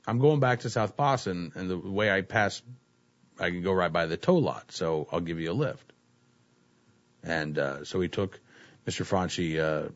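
A man hosting a casual talk show. He reads news stories aloud and uses many fillers like "uh, you know.". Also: sits low. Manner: relaxed, filler-heavy, says "uh, you know" often. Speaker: host. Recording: dull lo-fi recording.

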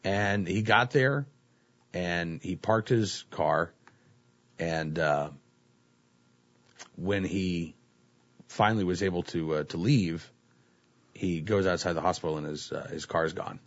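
Male talk host, lowish voice, casual rambling delivery, muffled lo-fi sound. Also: slow, pauses often. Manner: relaxed, filler-heavy, says "uh, you know" often. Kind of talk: casual talk radio chat, reading news stories. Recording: dull lo-fi recording.

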